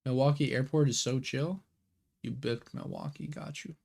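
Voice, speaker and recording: A man's voice: medium pitch, fairly even intonation, moderate pace, gravelly, a little mellow, husky. A young man hosting a live card game watch party, chatting casually in slang and answering viewer questions aloud. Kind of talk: casual live-stream chat.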